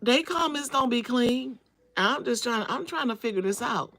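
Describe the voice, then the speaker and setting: A woman hosts a casual live-stream chat in a fairly bright voice on the high side, with lively intonation and a moderate pace. She speaks straight to her audience, greeting them by name and repeating phrases for emphasis.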